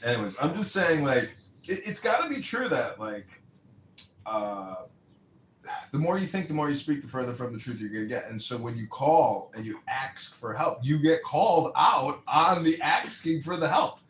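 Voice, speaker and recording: A man, a candidate hosting a podcast, telling rambling, animated stories in casual chat and swearing freely. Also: medium pitch, moderate pace. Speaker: mayoral candidate and podcast host. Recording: roomy echo with faint ambient noise.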